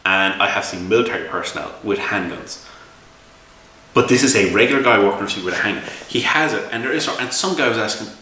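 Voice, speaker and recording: A man's voice: lowish voice, expressive, quick pace, bright, forceful tone, a little hiss or hum. An Irish man telling a long, exasperated story about a tabletop game, with many restarts and repeated words. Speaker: game reviewer and game master. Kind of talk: casual spoken review. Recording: echoey room, mic set far off.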